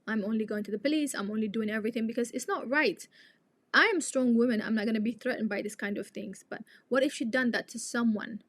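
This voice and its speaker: A woman's voice: on the high side, fast talker, dry recording. A young woman, a native Tigrinya speaker, hosting a live chat and talking to her viewers in an outspoken, indignant way. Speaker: live stream host.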